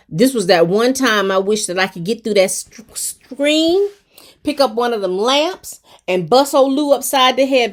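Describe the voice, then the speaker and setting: A woman recapping a TV episode for her viewers in casual chat, expressive and talkative, with terms of endearment and fillers. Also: on the high side. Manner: rapid talk.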